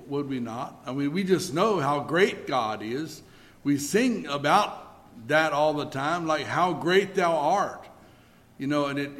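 A man preaching a sermon in a church, speaking deliberately with pauses and occasional fillers. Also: a little high, fairly bright tone. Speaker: pastor.

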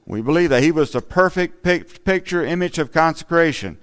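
A man preaches to his congregation in an earnest, conversational way. His voice sits a little higher than most men's and sounds smooth and resonant. Now and then he slips in a casual "you know" as he speaks. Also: expressive, a little fast, a bit bright. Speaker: lay preacher. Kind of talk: sermon. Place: church.

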